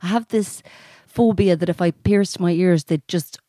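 Mellow, low Irish woman. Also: normal speed, dry recording, clean studio sound. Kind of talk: casual chat.

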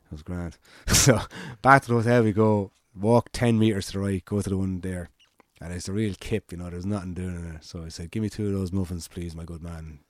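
A man's voice: low voice, fairly even intonation, brisk, hardly any pauses, no echo, clean studio sound. A man with an Irish accent telling a long, rambling anecdote in casual chat, acting out the quoted lines and swearing freely.

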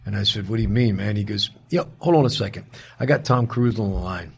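A man being interviewed as an actor guest, telling an animated story in a casual way, quoting the people in it and restarting his sentences often. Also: lowish voice, quick pace, vocal fry, breathy edge.

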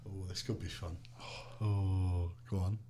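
A man co-hosting a comedy podcast in casual chat, swearing often and jumping between quiet asides and loud bursts. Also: sits low, level tone, slow pace, a little hiss or hum. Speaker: podcast co-host.

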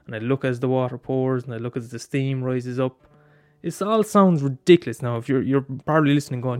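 A man's voice: mid-range voice, a little fast, few pauses, smooth, no echo. A man in a rambling casual monologue, swearing often and restarting his sentences.

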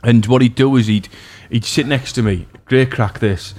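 A man's voice: mid-range voice, moderate pace, a little mellow. A man hosting a podcast, telling stories in casual chat, rambling, laughing through them and swearing freely. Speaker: podcast host.

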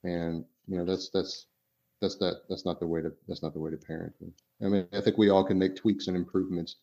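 A man's voice: low-pitched, flat delivery, fairly quick, warm tone. A man co-hosting a podcast in casual discussion, rambling along with lots of fillers and restarts. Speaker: podcast co-host. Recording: dull lo-fi sound.

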